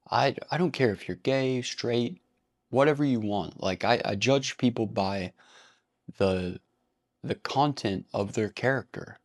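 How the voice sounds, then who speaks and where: A man hosting a casual vlog commentary, talking bluntly with frequent swearing and breaking into laughter. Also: fairly low pitch. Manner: blunt and profane, laughs easily. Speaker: commentary channel host.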